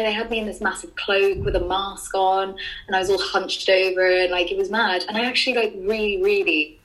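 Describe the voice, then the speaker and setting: A woman's voice: mid-range voice, pushed and bright, low-quality recording. A young woman with an Irish accent, a drama student chatting casually as a podcast guest, laughing often and filling with "um" and "like". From Ireland. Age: young adult. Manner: chatty, laughing, lots of fillers. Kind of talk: casual chat.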